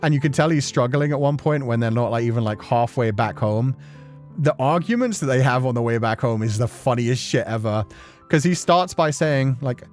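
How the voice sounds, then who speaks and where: Young male streamer, casual storyteller, mid-pitched, chatty and laughing. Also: brisk, a little mellow, soft background music.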